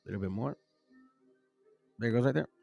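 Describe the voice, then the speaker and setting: Soft music plays behind a man whose medium-pitched voice is creaky, slightly mellow, and quick. Hosting an informal livestream chat, he shows a book one page at a time and keeps telling viewers he's being truthful, not lying.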